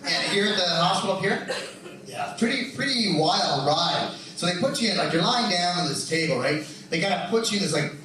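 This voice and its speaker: A man's voice: high voice, lively intonation, a little fast, background noise. Chatty man in a very echoey room. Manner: chatty, laughing storytelling. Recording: echoey room from far off, loud ambience.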